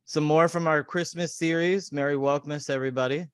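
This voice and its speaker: A man's voice: a little high, fairly even intonation, fairly quick, smooth, no echo, studio quality. A man hosting a podcast, reading memes aloud in casual, mocking chat. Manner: sarcastic, mocking. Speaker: podcast host.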